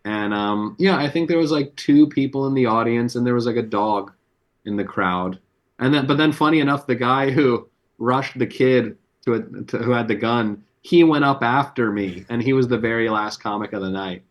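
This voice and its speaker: A comedian on a podcast, telling rambling, profane anecdotes with plenty of fillers. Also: male voice, medium pitch, moderate pace. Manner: loose, profane storytelling with many fillers. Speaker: comedian guest.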